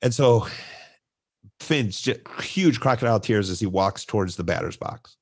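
Animated middle-aged man telling a story. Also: on the low side, moderate pace, husky. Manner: animated storyteller, acts out voices of kids and coaches. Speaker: podcast co-host and youth baseball coach. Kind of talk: casual storytelling chat.

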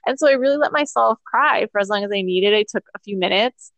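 A woman hosting a podcast interview, telling a personal story in a casual, animated way and laughing often. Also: medium pitch, quick pace, no room sound. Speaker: podcast host.

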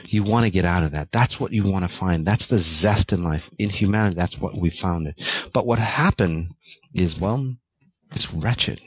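A man's voice: low-pitched, normal speed, slightly rough, no echo. A man giving an unscripted motivational monologue, ranting bluntly with frequent fillers and swearing. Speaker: self-help speaker.

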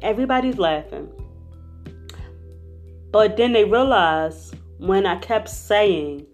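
A young woman telling a personal story in a lively, conversational, slangy way. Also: mid-range voice, takes it slowly, pauses often, soft background music. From Philadelphia.

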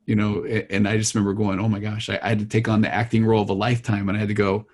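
A husky, fairly low-voiced middle-aged man talks casually as a therapist. He tells stories from his work and slips into his clients' voices as he goes. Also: steady tone, very fast, a little mellow. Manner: storytelling, acting out clients' voices. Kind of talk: casual podcast conversation.

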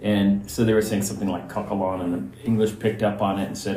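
A man's voice: lowish voice, little pitch movement, quick pace, few pauses, dark tone, roomy sound, faint music behind. A man in his forties hosting a casual comedy podcast, explaining things in a rambling, joking way. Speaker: podcast host.

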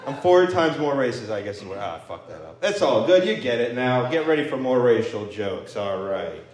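A man's voice: medium pitch, big pitch swings, moderate pace, echoey room, a little hiss or hum. A male stand-up comedian doing a loose, self-mocking set, laughing at his own jokes.

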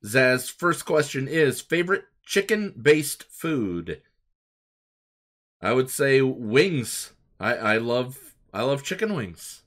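A man hosting a casual podcast, briskly reading out listener questions and moving the chat along. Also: mid-range voice, very animated, fairly bright tone. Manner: brisk, moves the show along. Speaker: podcast host.

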